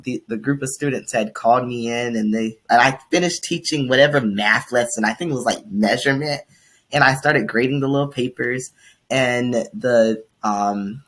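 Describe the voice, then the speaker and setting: A young woman co-hosting a podcast, telling stories animatedly and jumping high in pitch when quoting people. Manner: animated storyteller, swoops high for quotes. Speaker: podcast co-host. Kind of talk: casual chat.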